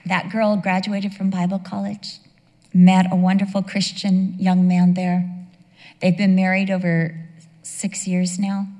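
A woman's voice: on the low side, completely flat delivery, a little slow, warm tone. A woman in her fifties giving an emotional sermon-style testimony, telling the story with acted dialogue. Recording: long reverb of a large hall.

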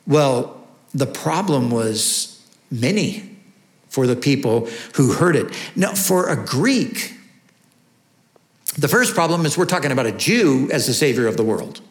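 A man's voice: fairly high pitch, very animated, normal speed. A man preaching a sermon, teaching earnestly and asking rhetorical questions. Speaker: pastor. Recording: echoey room.

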